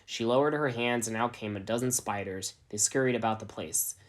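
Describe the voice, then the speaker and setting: A man narrating a fan fiction story in a deadpan, even reading voice. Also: mid-range voice, fairly quick.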